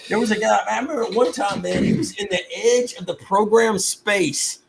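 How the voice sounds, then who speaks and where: A man's voice: high-pitched, normal speed, creaky, noisy background. A man hosting a live stream, telling a long game story in a casual, profane way, with mock-outraged asides. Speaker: streamer host.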